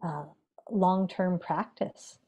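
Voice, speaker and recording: Speaking as a podcast guest, a meditation teacher uses a lowish voice. She talks in a gentle, measured, reflective manner, with pauses and fillers along the way.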